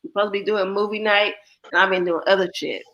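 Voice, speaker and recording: A woman's voice: mid-range voice, steady tone, quick pace, fairly bright tone, lo-fi sound. A young adult woman hosting a livestream, telling blunt, profane stories and acting out the people in them. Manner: blunt, profane storytelling with quoted voices. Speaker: livestream host. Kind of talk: casual chat.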